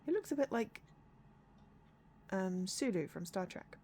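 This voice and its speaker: A woman's voice: medium pitch, animated, unhurried, warm tone, a little hiss or hum. A woman streaming a story game, chatting casually in a sleepy, rambling way, often correcting herself and laughing. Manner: rambling, self-correcting, giggly. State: sleepy, yawning. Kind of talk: casual gameplay commentary.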